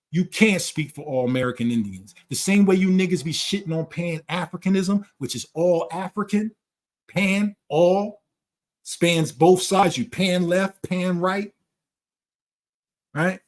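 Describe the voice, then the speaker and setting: A man's voice: sits high, unhurried. A man talking in a blunt, profane, lecturing way during a casual conversation. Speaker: channel host.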